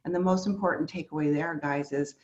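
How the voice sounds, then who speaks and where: Low-voiced enthusiastic woman host, dull audio. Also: fairly quick, a little mellow. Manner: enthusiastic, laughs along, sums up takeaways for listeners. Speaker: interview host. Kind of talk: conversational interview.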